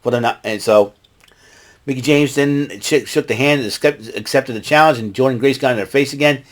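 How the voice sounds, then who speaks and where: A man's voice: mid-range voice, a little fast. A man hosting a casual show, recapping events in a rambling way and jumping into raised voices when he quotes people. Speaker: podcast host recapping wrestling.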